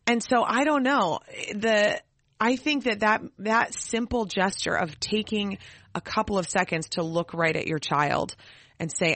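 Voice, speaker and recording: Bright, chatty woman podcaster. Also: medium pitch, no echo. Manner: chatty and animated, many "like"s and quick laughs. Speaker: podcast co-host. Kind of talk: casual parenting chat.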